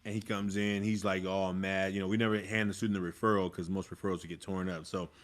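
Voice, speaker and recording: A man's voice: low-pitched, level tone, fast. A man who mentors young people and was once a vice principal, telling a story in an earnest, vivid way during a conversation. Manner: earnest storyteller, acts out scenes.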